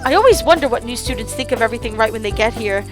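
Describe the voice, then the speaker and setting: A woman's voice: a little high, animated, rapid-fire, music in the background, close to an everyday voice. A woman voicing a friendly, polite young male student who shows a newcomer around campus.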